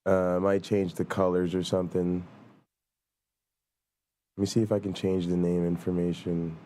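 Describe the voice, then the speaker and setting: A man's voice: sits low, flat delivery, moderate pace, dark tone. A man with a New Jersey accent hosting a live stream, rambling casually and swearing as he thinks aloud. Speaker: livestream host.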